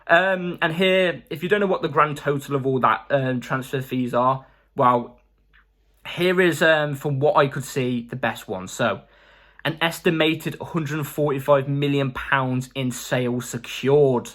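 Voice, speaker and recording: A man's voice: mid-range voice, unhurried. Chatty guy hosting a footy fan vlog, hyped up, lots of ums. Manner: excitable, chatty, lots of fillers. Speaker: football channel host.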